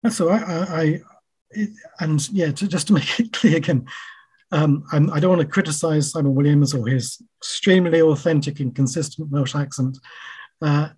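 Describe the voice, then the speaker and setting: Husky-voiced man, halting speech. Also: a little high, darkish tone. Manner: halting, frequent fillers and restarts; self-deprecating. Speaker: writer guest. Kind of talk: casual interview talk.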